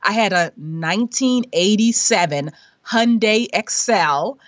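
A middle-aged woman, a podcast guest, telling a lively personal money story with frequent laughs and acted-out quotes. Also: mid-range voice, slow, no room sound. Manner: animated storyteller, laughs often, acts out quoted voices. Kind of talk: conversational storytelling interview.

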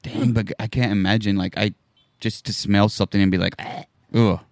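A man's voice: lowish voice, little pitch movement, a little fast, no room sound, studio quality. A man in casual, crude banter, joking along and laughing often.

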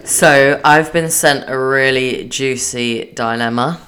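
A woman with a low voice co-hosts a relaxed chat podcast. She is giggly and animated, and her remote recording sounds echoey. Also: takes it slowly, slight background noise. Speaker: podcast co-host. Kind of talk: casual chat, reading a listener letter.

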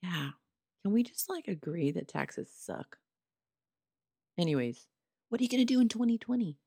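A woman hosting her own podcast in a casual solo monologue, chatty and enthusiastic, talking straight to her listeners, her voice a little hoarse. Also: medium pitch, animated, moderate pace, warm tone, no echo, studio quality. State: slightly hoarse. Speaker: podcast host. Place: small home studio.

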